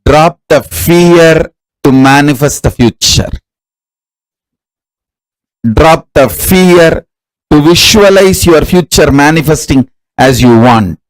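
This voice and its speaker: A man as a spiritual teacher giving a guided meditation in slow, measured commands. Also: on the high side, rough recording.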